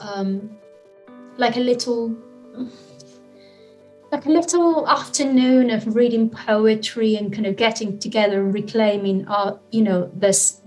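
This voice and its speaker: A woman in a casual interview, telling a personal story with lots of fillers and lively retellings. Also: mid-range voice, low-quality recording. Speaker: guest, nonviolent communication trainer.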